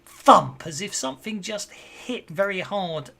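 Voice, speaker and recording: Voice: medium pitch, measured pace, creaky, pushed and bright. A game master narrating a tabletop game in a rambling, self-correcting way.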